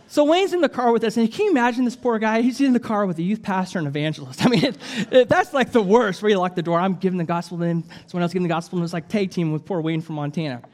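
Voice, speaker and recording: A man preaching as an evangelist, telling stories with jokes and an animated, lively delivery. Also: sits high, fast. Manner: animated storytelling with jokes and laughs. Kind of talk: sermon.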